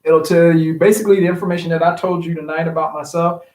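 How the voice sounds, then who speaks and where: A man hosting a casual live-streamed cocktail hour, chatting in a relaxed way full of ums. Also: fairly high pitch, quick pace, reverberant, low-quality recording. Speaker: livestream host. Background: music.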